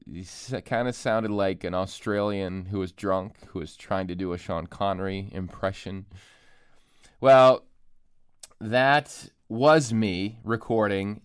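Recording alone in an empty room on a studio microphone, a man with a smooth, low-leaning voice hosts his solo podcast. The podcaster and author chats casually, joking at his own expense, and the sound is studio quality with no room sound.

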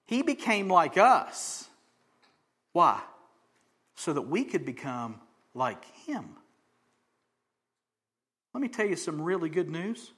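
A male pastor preaching a sermon, swinging from loud emphasis to hushed near-whispers and acting out the voices in his text. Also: a little high, sing-song, slow, long pauses, breathy edge. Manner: acts out quoted voices of crowds and Jesus.

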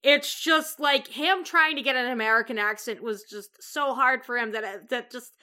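A woman's voice: on the high side, normal speed, bright, forceful tone. A woman co-hosting a podcast in casual chat, reading listener questions in a laid-back way. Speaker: podcast co-host.

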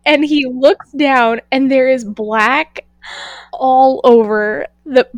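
A young woman tells a story in a fairly high voice, dropping "like" constantly and acting out both sides of the exchange. The sound is dry and close to the mic. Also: takes it slowly, dry recording. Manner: animated, fillers of "like", acts out quoted lines. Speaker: podcast co-host. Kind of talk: casual storytelling chat.

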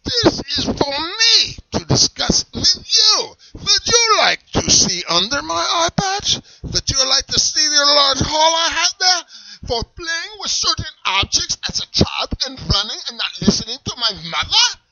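Put-on German accent, strict whip-selling peddler, barking, menacing, high sharp voice, swinging pitch. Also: male voice, big pitch swings, measured pace, creaky, muffled recording, exaggerated voice. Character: strict, shouty male German leather and whip seller with an eye patch. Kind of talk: comedy sketch character.

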